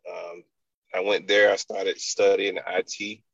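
Male fitness entrepreneur, low fried voice, rambling interview storyteller, dull lo-fi sound. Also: flat delivery, a little slow, vocal fry, fairly bright tone, no echo. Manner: loose, rambling, many "you know" fillers.

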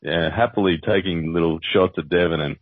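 An Australian man co-hosting a podcast, thinking aloud in a halting way with repeated words. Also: deep voice, dry recording. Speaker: podcast co-host. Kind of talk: casual podcast chat. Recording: tinny dry phone-like line.

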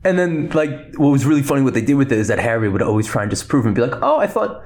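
A man hosting a podcast, chatting casually about films, talking fast and rambling with lots of fillers and restarts. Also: mid-range voice, a little mellow. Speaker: podcast host. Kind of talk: casual rambling film chat.

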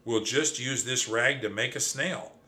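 A man voicing a boastful, excitable adult male mouse cousin in a children's storybook reading. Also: medium pitch. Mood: excited. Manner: loud, teasing, quick when excited.

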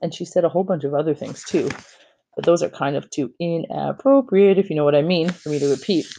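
Mellow-toned casual audiobook reader. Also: mid-range voice, fairly quick, gravelly, a little hiss or hum. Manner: casual, kid-like storytelling with lively emphasis. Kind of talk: reading a children's novel aloud, first-person narration.

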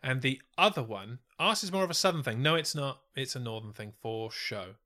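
Blunt, bright-voiced British man. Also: medium pitch, expressive, fairly quick. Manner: blunt, sweary, short emphatic replies. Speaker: podcast co-host. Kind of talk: casual comedy chat.

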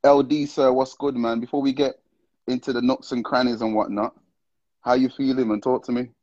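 A man's voice: mid-range voice, level tone, a little fast, darkish tone, dry recording. Man hosting a live phone stream, slangy and chatty; dry, dull lo-fi sound. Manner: slangy, greets viewers one after another, laughs often. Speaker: livestream host. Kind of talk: casual live-stream chat.

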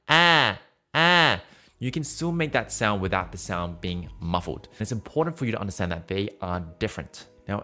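Male singing teacher, faint music behind. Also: fairly low pitch. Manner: demonstrates sung and nasal vowel sounds between explanations; encouraging, direct instructions to the listener. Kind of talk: podcast voice lesson.

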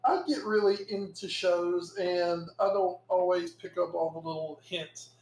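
A man co-hosting a podcast in casual chat, excitable and animated, breaking into shouted asides. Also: high voice, normal speed, roomy sound, low-quality recording. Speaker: podcast co-host.

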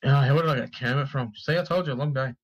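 A man's voice: mid-range voice, quick pace, slightly rough, rough recording. A man co-hosting a podcast, reading gaming news aloud in a casual, sweary, joking way and tripping over names. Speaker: podcast co-host.

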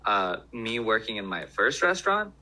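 A man's voice: fairly low pitch, very animated, normal speed, bright, forceful tone, rough recording. A man who worked in restaurants, talking in loose casual chat with many restarts. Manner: rambling, lots of fillers and restarts.

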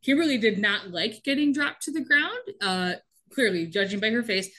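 A woman's voice: mid-range voice, lively intonation, normal speed, pushed and bright. A woman co-hosting a casual chat, retelling a TV episode in a chatty way and acting out the lines. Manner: chatty storytelling, acts out quotes with laughs. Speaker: podcast co-host recapping a TV episode.

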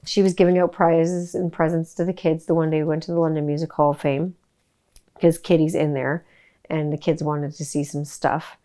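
A woman's voice: low-pitched, normal speed. Chatty, profane woman podcast host. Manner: animated, profane, rambling with many "like" fillers. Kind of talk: casual storytelling chat.

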